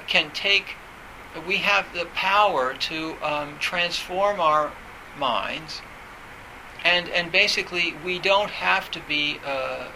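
A man with a gravelly edge and a strikingly sharp, forceful tone, sitting a little high in pitch. He talks about meditation in a halting, reflective way, full of pauses, fillers and self-corrections. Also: a little hiss or hum, low-quality recording. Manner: hesitant, halting, many fillers and restarts.

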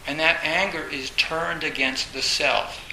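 A man gives a dharma talk in an echoey room with a faint hiss behind him. His voice is bright and a little gravelly, set somewhat high. He rambles and repeats himself, filling gaps with "uh" and "you know". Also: steady tone, measured pace. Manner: rambling, repeats phrases, many fillers; acts out inner voices, bursts loud. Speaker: Zen teacher.

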